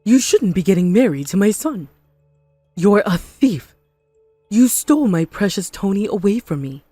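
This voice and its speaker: A woman voicing a spiteful, possessive mother-in-law in an animated story, scornful and melodramatic. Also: mid-range voice, normal speed, no echo, faint music behind. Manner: scornful, melodramatic, self-pitying.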